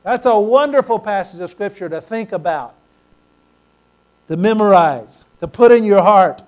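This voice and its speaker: High-voiced pastor preaching emphatically. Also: male voice, animated, normal speed. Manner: emphatic preaching, swelling to loud praise, calls for amens. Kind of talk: sermon.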